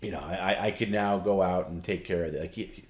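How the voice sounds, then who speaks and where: Rambling low-voiced man in an echoey room. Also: quick pace. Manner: rambling, hesitant, self-correcting. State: dry throat. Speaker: stream co-host and producer. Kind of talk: casual talk answering viewer questions. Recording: roomy echo.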